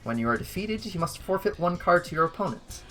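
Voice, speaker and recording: Gm doing rich tournament lady, big formal welcome speech, soft music under it. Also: on the low side, lively intonation, fast, pitched above the performer's own voice. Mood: grandiose. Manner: grandiose, formal announcing. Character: grand wealthy woman tournament host, theatrical. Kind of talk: tabletop game character voice.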